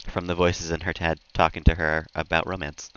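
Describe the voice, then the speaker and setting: A man's voice: sits low, completely flat delivery, normal speed, bright, forceful tone, clean tone, muffled recording. A man streaming a game, chatting casually with viewers, reading out their messages and laughing often. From United States. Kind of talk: casual chat with viewers while gaming.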